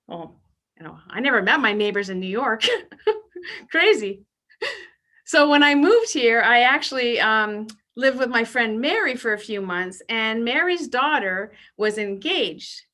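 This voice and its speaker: A woman in her fifties works through a stand-up set with a bright, forward voice pitched a little high. She is brash and self-deprecating, and she leans into bawdy punchlines. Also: animated, unhurried. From Canada. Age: 50s. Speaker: stand-up comedian. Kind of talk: stand-up routine.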